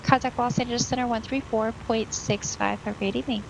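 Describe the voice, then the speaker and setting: A woman working as air traffic controller, giving brisk, clipped radio calls. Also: a little high, fairly even intonation, vocal fry, rough recording.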